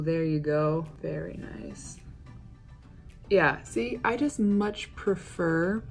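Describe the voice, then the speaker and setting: A woman's voice: low-pitched, a little mellow. A woman chatting through a makeup vlog, rambling and swearing freely as she defends herself. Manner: defensive ranting. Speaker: beauty vlogger.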